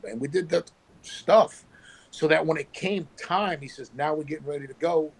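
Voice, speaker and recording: A former pro wrestler telling animated stories with sound effects, talking on his phone from work. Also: on the high side, moderate pace, creaky, rough recording. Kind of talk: casual storytelling.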